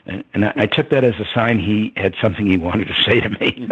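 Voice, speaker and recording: An older man with a husky voice, reflectively telling a story as an interview guest. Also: lowish voice, a little fast, hardly any pauses. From United States. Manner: reflective, with many ums and soft laughs. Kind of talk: storytelling in conversation. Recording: dull lo-fi sound.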